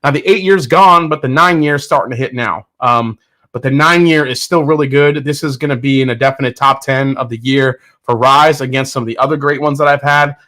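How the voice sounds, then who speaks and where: A man hosts a casual livestream and chats with viewers. His voice is bright and forceful. He talks with easy enthusiasm and thinks aloud, poking fun at himself. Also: medium pitch, a little fast. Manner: chatty and enthusiastic, self-deprecating, thinking aloud. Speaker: host of a whiskey tasting livestream. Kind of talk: casual livestream chat, reading viewer comments.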